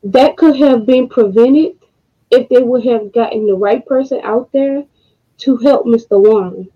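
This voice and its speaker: A woman hosting a podcast, speaking in a casual monologue, emotional and frustrated, with slow deliberate pauses. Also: fairly high pitch. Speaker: podcast host. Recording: dull lo-fi audio.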